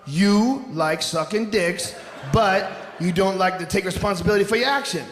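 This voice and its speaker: Male stand-up comic, loud and animated, high voice; live venue with reverb and crowd noise. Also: moderate pace. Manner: loud, animated, frequently shouting. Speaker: stand-up comedian. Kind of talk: stand-up comedy set. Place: live comedy stage.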